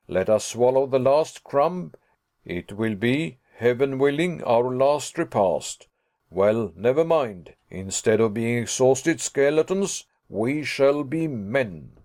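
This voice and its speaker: A man's voice: medium pitch, lively intonation, slow pace, darkish tone. A man voicing a composed older professor who speaks firmly and lectures. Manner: firm, lecturing.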